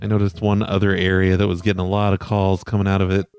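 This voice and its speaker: Deadpan man teasing on a prank call. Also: sits low, fast, clean tone, soft background music. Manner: calm, dry, mocking. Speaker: prank caller and host.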